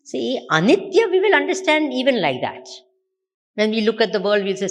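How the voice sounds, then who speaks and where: Delivering a Vedanta discourse in Indian-accented English, this female spiritual teacher repeatedly poses rhetorical questions to the audience. She speaks a little fast, in a slightly high voice with big pitch swings.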